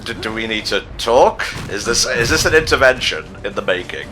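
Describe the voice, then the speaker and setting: Lowish, bright, deadpan gamer man. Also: a little fast, faint music behind. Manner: sarcastic, deadpan, swears freely. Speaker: player in a gameplay video. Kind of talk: casual gaming commentary.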